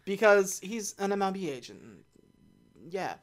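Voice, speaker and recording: A woman co-hosting a casual movie podcast, recapping scenes and slipping into quick deadpan voices for the characters. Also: mid-range voice. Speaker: podcast co-host.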